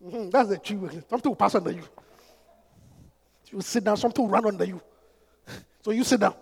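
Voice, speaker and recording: A man preaching a fervent sermon, swinging from hushed asides to shouted prayers and bursts of speaking in tongues. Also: sits high, brisk, vocal fry, pauses often, husky. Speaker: pastor. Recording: echoey hall with long reverb.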